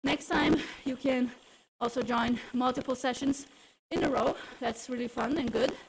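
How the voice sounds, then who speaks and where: A woman's voice: high-pitched, fairly even intonation, moderate pace, vocal fry, a little hiss or hum, rough recording. Breathless woman coaching a cycling class. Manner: encouraging, cueing riders through intervals. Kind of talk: coaching a live workout class.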